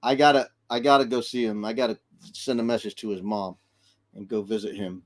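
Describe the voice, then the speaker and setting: A middle-aged grandfather co-hosting a casual livestream chat, telling animated family stories and acting out voices. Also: fairly low pitch, fairly quick. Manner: animated storyteller who acts out voices. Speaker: livestream co-host.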